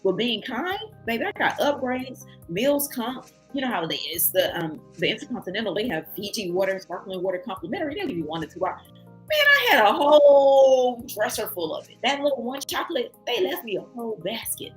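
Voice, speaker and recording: A woman's voice: on the high side, fairly quick, faint music behind. A woman telling a travel story in a casual vlog, acting out other people's voices. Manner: animated, acts out other people's voices in quotes. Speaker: travel vlogger.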